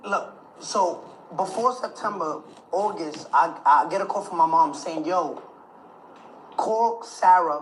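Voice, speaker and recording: A man giving an emotional, animated account of his own story in an interview, acting out other people's words and often stammering and restarting. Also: a little hiss or hum, rough recording. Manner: animated, acts out quotes of others with jumps in pitch and loudness.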